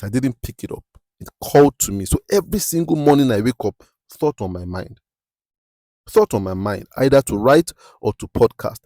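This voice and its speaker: A man's voice: darkish tone, no echo. Preachy male podcaster, dry close sound. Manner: repeats "you understand?" often, emphatic and preachy; rises sharply in pitch when stressing a point. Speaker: podcast host. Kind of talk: motivational podcast monologue.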